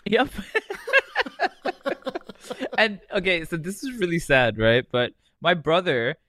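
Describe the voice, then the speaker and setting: A man's voice: high-pitched, sing-song, slow pace, sharp tone, no echo, clean studio sound. Joking, swearing male podcast co-host. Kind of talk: casual chat. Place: hot desert city.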